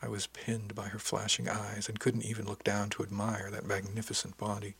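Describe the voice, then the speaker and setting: A man reading a first-person story aloud in a soft, intimate, unhurried way, often dropping to a half-whisper. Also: lowish voice, completely flat delivery, gravelly, breathy edge. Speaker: narrator. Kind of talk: first-person audiobook narration.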